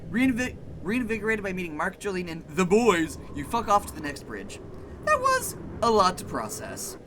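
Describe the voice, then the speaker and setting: A streamer playing a narrative game, reading the text aloud and reacting in an expressive, profane way. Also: mid-range voice, normal speed, slight background noise. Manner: expressive, swears a lot, swings between reading and reacting.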